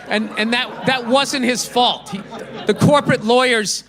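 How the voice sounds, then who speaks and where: A man's voice: very high voice, normal speed, bright, forceful tone, a faint crowd. A man in his fifties doing a stand-up routine, ranting in an exasperated, profane way. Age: 50s. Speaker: stand-up comedian.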